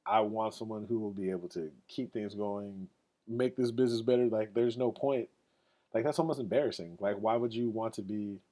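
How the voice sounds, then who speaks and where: A man hosting a solo podcast in a relaxed, unscripted way. His voice sits a bit low, and his speech wanders loosely with plenty of "like" fillers and casual swearing. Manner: loose, rambling and profane, with many "like" fillers. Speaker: podcast host.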